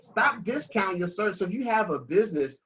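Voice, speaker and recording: A man's voice: high voice, fast talker, husky. Emphatic preachy man on a video call. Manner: emphatic, preachy, slangy and energetic. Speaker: financial coach guest. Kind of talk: animated motivational talk on a video call. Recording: dull lo-fi call audio.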